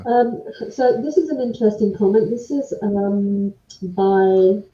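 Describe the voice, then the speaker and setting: A woman hosting a live online talk, chatty, reading out viewer comments with quick asides. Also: medium pitch, fairly even intonation, echoey room, muffled recording. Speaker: host.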